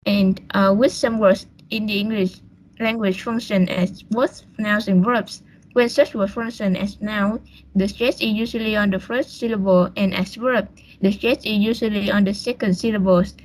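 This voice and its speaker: A woman's voice: medium pitch, fairly even intonation, normal speed, low-quality recording. A young woman, presenting a class lesson on a video call, hesitant with fillers and restarts. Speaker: student presenter.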